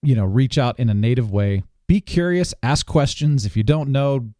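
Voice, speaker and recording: A man's voice: medium pitch, normal speed, dark tone, no room sound, studio quality. Upbeat male podcast host. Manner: upbeat, enthusiastic, laughs often. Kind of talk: casual interview.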